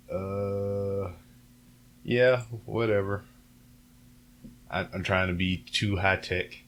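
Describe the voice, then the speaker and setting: A lower-voiced man rambles solo to a camera at home, hosting his podcast. He keeps it loose and profane, full of fillers and side trails. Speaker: podcast host. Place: home recording setup with camera and computer. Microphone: camera and computer setup, a little off-axis at times.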